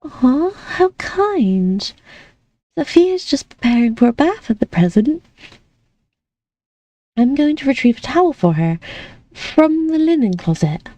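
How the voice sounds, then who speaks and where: A woman voicing a sweet, naive, sheltered young lady of the house, gentle and trusting in manner. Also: high voice, big pitch swings, measured pace, pauses often, pitched above the performer's own voice. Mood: cheerful.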